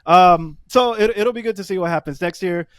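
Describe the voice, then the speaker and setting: A man co-hosting a podcast in casual chat, excitable and quick to laugh. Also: high voice, clean tone, no room sound, clean studio sound. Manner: excitable, laughs often, fast bursts. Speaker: podcast co-host.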